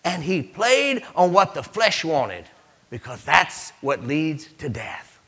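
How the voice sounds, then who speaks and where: A man preaching a sermon as pastor, animated, with sudden swings between loud emphasis and hushed asides. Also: a little high, slow, husky.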